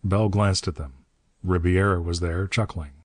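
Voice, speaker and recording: A man narrating an adventure audiobook in a measured, steady reading. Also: low-pitched, no room sound.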